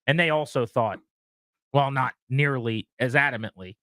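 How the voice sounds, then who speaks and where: A man's voice: medium pitch, moderate pace, sharp tone, no room sound, clean studio sound. A man co-hosting sports talk radio, talking in an exasperated, sarcastic way.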